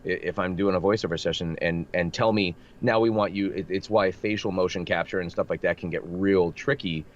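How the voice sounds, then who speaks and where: A man's voice: sits low, steady tone, brisk. A man who works as a voice actor, chatting animatedly in an interview, with a slightly nasal voice and lots of restarts. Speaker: voice actor guest. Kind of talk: casual interview chat. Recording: dull lo-fi remote audio with faint noise.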